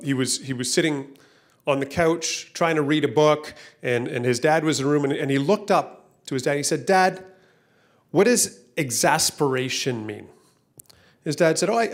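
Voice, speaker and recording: A man preaching a sermon as pastor to a church room and online viewers, talking casually and often repeating words. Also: medium pitch. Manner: conversational, repeats words, acts out voices in stories.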